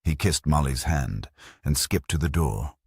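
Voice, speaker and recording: A man reads a mystery novel aloud in a measured, dramatic way. His voice is extremely deep and husky, with a lively, wide-ranging delivery. The recording is dry and close. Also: dry recording. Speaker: narrator. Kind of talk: audiobook narration.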